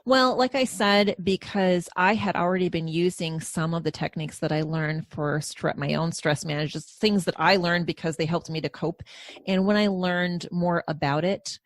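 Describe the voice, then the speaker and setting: A woman hypnosis practitioner explaining her work in a calm, steady way as a podcast guest. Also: fairly low pitch, normal speed, dry recording. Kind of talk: podcast interview.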